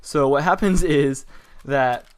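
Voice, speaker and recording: A man's voice: on the high side, slow pace. A teenage boy casually telling a personal story in a rambling way, with many fillers and restarts. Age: teens. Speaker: vlogger telling personal stories.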